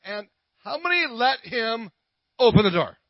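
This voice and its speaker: A man's voice: extremely high pitch, sing-song, unhurried, no room sound, dull audio. A middle-aged man, preaching a sermon with prayers, full of playful corny jokes. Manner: playful, corny jokes and laughs at his own puns.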